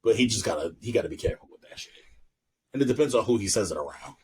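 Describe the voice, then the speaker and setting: A young man co-hosting a podcast, chatting casually and telling stories loudly with lots of laughter. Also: on the low side, racing, a little hiss or hum, rough recording. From New York. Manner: loud animated storytelling, lots of laughing. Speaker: podcast co-host. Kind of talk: casual chat.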